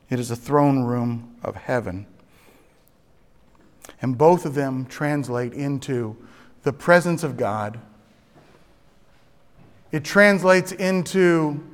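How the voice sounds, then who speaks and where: A man preaching a sermon. He swings from hushed, low phrases to loud, emphatic ones and stretches out key words slowly. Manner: dramatic swings between soft and loud, slow emphatic phrasing. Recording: long reverb of a large hall.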